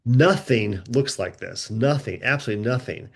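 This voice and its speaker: A middle-aged man tells personal stories as a podcast guest. His voice sits at an ordinary middle pitch. He relays conversations with easy, animated energy. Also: normal speed, gravelly, slightly rough. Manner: animated storyteller, recounts conversations in a lively back-and-forth. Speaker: guest author. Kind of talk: conversational storytelling.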